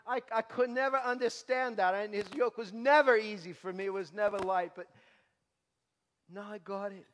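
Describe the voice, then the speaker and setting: A male pastor giving his testimony as a sermon, passionate, moving from hushed to loud preaching. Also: high-pitched, normal speed, long reverb tail.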